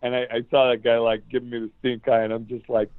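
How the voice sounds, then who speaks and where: A man telling a rambling story as a guest, excitable and swearing often, over a call line. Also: medium pitch, fast talker, clean tone, no echo. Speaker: guest musician. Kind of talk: casual storytelling. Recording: tinny phone-like line, dry.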